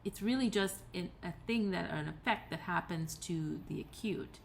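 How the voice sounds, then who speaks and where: Step by patient step, a woman teaches through a recorded tutorial, with pauses for fillers and self-corrections as she goes. Her low, gravelly voice comes over a faint layer of hiss.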